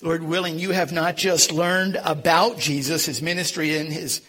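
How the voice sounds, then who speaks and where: Pastor with a Philadelphia accent, a man in his fifties, high, bright voice, homespun and self-mocking in the pulpit. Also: fairly even intonation, normal speed, slightly rough. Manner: folksy, self-deprecating humor with frequent um and uh. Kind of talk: sermon.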